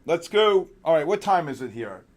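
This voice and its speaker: A man hosting a live trading stream, talking excitedly with chat viewers by name and pushing them on their trades. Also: fairly high pitch, moderate pace. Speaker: trading show host.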